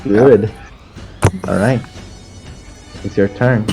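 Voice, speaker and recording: A man's voice: on the low side, steady tone, very slow, mellow, faint music behind. A man acting as game master, casually directing players in a tabletop game.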